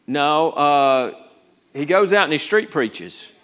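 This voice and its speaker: A man's voice: a little high, expressive, slow pace, fairly bright tone. A male pastor preaching a conversational sermon, rambling through restarts and rising to urgent emphasis.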